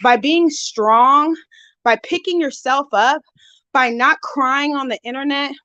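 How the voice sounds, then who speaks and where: Speaking slowly in a high, pushed, bright voice, a woman chats casually on her live stream, welcoming viewers and gossiping about online drama. She's somewhat out of breath, and the phone recording sounds dull, dry, and lo-fi.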